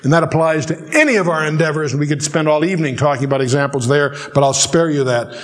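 A man teaching the Bible verse by verse, reading scripture slowly and then explaining it with dry, joking asides. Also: on the high side.

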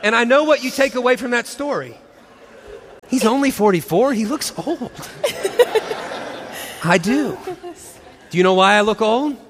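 A man's voice: very high-pitched, lively intonation, a little slow, long pauses, in a large hall, background noise. A man in his forties telling a story to an audience as a co-host, acting out the quotes and laughing often. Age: 40s. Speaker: pastor co-host of a marriage and parenting session.

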